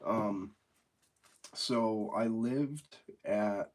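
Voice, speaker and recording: A man's voice: lowish voice, drawn-out words. A congested young man from the United States hosting a casual livestream chat, rambling and laid-back with plenty of swearing. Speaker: livestream host.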